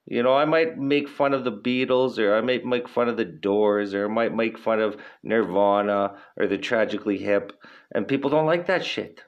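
A man's voice: on the low side, normal speed, highs cut off. A young man hosting a podcast in a casual, rambling way, swearing a lot and filling his talk with "like" and "you know". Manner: profane, laid-back rambling with lots of fillers. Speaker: podcast host.

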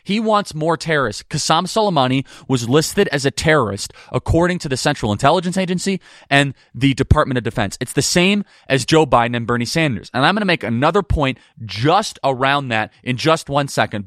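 A man hosting a political talk show, speaking in an emphatic, quick and combative way. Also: mid-range voice, expressive, fairly bright tone, dry recording, studio quality. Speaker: podcast host. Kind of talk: opinionated political commentary.

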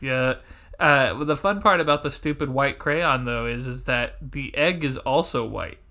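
A man's voice: mid-range voice, moderate pace, pushed and bright, lo-fi sound. A man co-hosting a podcast in casual chat, laid-back, swearing casually and laughing along. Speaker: podcast co-host.

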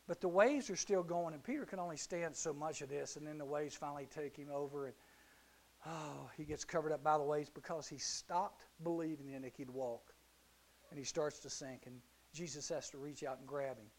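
A middle-aged man giving a youth sermon, telling a Bible story in an animated way and acting out the characters. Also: fairly high pitch, fairly quick. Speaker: youth speaker.

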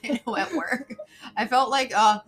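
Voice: mid-range voice, fairly even intonation, moderate pace, a bit bright. A podcast co-host chatting casually, playful and giggly, trading jokes with a friend. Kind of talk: casual chat.

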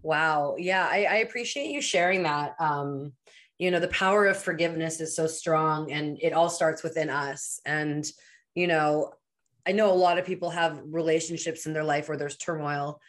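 A woman's voice: deep voice, normal speed. A woman hosting an interview podcast, affirming her guest and reflecting aloud. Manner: warm affirming reactions, reflective. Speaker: podcast host. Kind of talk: casual interview talk.

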